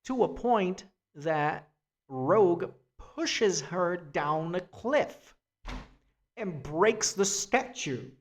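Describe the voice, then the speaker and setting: A man's voice: high-pitched, animated, extremely slow. A man giving a free-form spoken essay, rambling with restarts and casual swearing. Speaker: essay vlogger.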